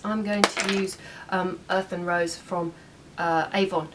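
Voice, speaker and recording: Soft music plays in the background as a young woman chats unhurriedly through a home makeup tutorial, making small asides as she goes. Her voice is lowish with little pitch movement. The mic is slightly distant, with faint room noise.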